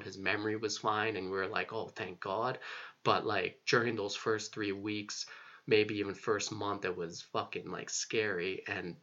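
A man's voice: fairly low pitch, bright, forceful tone. A young man telling a personal story in a rambling, casual way, full of fillers and casual swearing. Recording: dull lo-fi recording.

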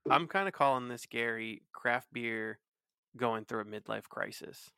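Rambling through a casual podcast chat full of fillers and restarts, this thirtysomething male co-host speaks at a measured pace. His mid-range voice is gravelly with a sharp, clean tone, captured in studio quality with no room sound.

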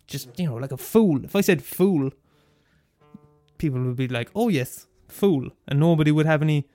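A brisk, fairly high male voice: a twenty-something Irish student radio host delivering an animated, expletive-laden monologue. Soft music plays beneath a recording with no room sound.

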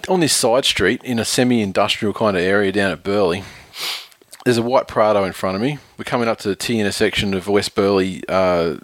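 A man's voice: fairly low pitch, a little fast, dry recording. A man, telling a profane road-rage story with laughs on a podcast. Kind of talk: casual chat, storytelling.

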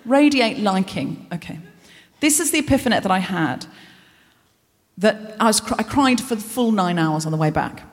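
A woman's voice: medium pitch, lively intonation, normal speed. A woman hosting a live comedy show, giving a self-deprecating stand-up monologue full of rambling asides, in a large concert hall before an audience. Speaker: host.

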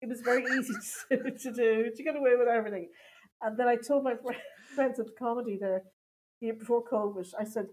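A woman's voice: a little high, fairly even intonation, a little fast, a little mellow, slight background noise, poor audio. A woman, a stand-up comedian, telling stories in a casual interview and laughing often. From Ireland. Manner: chatty storytelling, laughing often.

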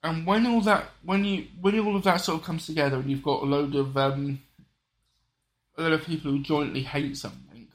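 Man, fairly high voice, casual podcast chat, rambling, restarts a lot, says sorry often. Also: brisk. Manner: rambling, restarts sentences, apologetic asides.

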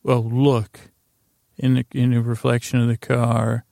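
A man's voice: medium pitch, level tone, unhurried, creaky, mellow, dry recording, clean studio sound. A man hosting a podcast, loosely recapping scenes in a rambling way, full of fillers and restarts as he paraphrases what characters say. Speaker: podcast host. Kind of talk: rambling episode recap for sleep.

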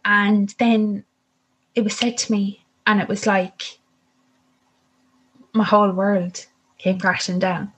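A woman's voice: medium pitch, flat delivery, slow, pauses often, slightly rough, low-quality recording. A young woman telling a personal story in a vivid way, acting out the voices of the people in it.

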